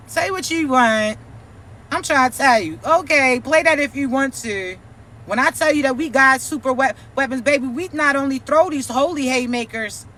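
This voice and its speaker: A woman's voice: high voice, pushed and bright. A woman giving a profane, preachy, mocking vlog rant as a spiritual content creator.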